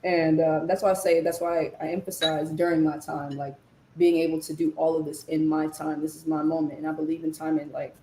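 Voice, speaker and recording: Slangy young woman, low-pitched voice. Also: flat delivery, brisk, warm tone, roomy sound, a little hiss or hum, low-quality recording. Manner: slangy, loose, trails off in fillers. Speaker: musician guest. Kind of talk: casual chat while eating. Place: Los Angeles.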